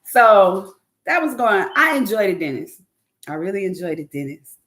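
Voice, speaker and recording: Woman host, casual and profane, very lively pitch. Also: moderate pace. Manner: animated, profane, laughs often, mimics others. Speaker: podcast host. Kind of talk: casual storytelling chat.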